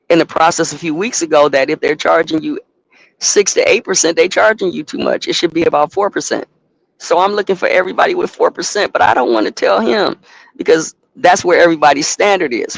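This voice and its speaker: Man, trucking company owner, gravelly voice on the high side, animated profane storyteller, dry close recording. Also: fairly quick. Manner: animated, profane, acts out both sides of a phone call. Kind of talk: casual storytelling to a live audience.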